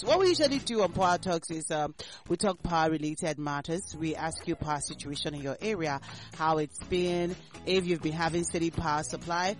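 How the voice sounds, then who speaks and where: A man with a Nigerian English accent hosting a morning radio talk show, chatty and animated, repeating phrases as he talks. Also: a little high. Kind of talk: casual morning radio chat.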